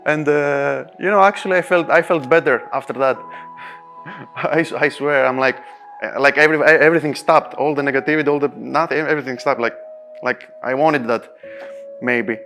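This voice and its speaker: A man being interviewed as a pool player, telling a story in non-native English. He is animated, laughs often and acts out his own quotes. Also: medium pitch, moderate pace, soft background music.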